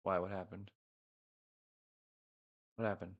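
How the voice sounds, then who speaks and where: Man, low voice with fry, unsure rambling livestream host on a headset mic. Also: level tone, slow pace, highs cut off. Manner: rambling, unsure, talks to viewers. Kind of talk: casual livestream chat. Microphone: headset microphone.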